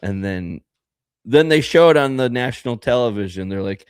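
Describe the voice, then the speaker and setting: A man's voice: on the low side, lively intonation, moderate pace, smooth, no echo, clean studio sound. A man co-hosting a casual podcast, ranting and rambling with lots of fillers and laughter. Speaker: podcast co-host.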